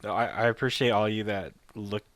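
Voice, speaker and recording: A man on a podcast panel giving his view in plain, measured casual chat. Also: on the low side, steady tone, a bit bright, no room sound.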